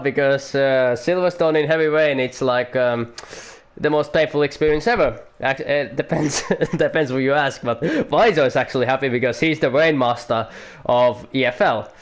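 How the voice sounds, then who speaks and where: A man giving casual, rambling commentary on an online racing league, excitable and full of fillers. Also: mid-range voice, moderate pace, clean tone.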